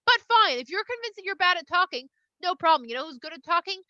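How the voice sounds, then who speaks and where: A woman's voice: very high-pitched, sing-song, quick pace, pushed and bright, no room sound, highs cut off, voice pushed up, exaggerated voice. God as a laid-back, reassuring voice, put on by a woman. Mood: exasperated. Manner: chatty, reassuring, slangy. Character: God, a casual, patient, all-powerful voice.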